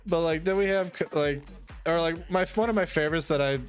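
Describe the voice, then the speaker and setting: A man's voice: a little high, fast talker. Rambling casual man chatting on stream. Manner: rambling, swears a lot, many fillers. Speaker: streamer and artist. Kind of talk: casual chat. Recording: faint music behind.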